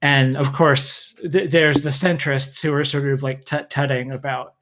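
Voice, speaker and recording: Halting man in casual podcast chat. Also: medium pitch, flat delivery, fairly bright tone. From United States. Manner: hesitant, many fillers and restarts.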